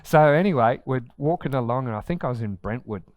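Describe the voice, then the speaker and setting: A middle-aged Australian man, a pastor, telling lively personal stories in casual conversation and laughing as he talks. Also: medium pitch, quick pace, phone-quality sound. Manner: animated storyteller, laughs mid-sentence.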